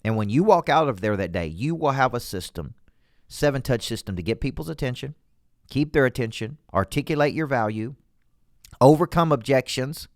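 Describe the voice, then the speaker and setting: A man with a Southern US accent, a business coach hosting a motivational show from a studio, talking in a folksy, punchy, energetic way. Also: medium pitch, normal speed, dry recording. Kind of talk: motivational talk to camera.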